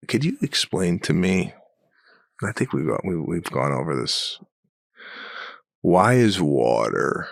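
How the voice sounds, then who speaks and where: Deep gravelly man, deadpan storyteller. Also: dry recording, studio quality. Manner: deadpan storytelling, incredulous rhetorical questions. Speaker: podcast co-host. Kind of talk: casual comedic chat.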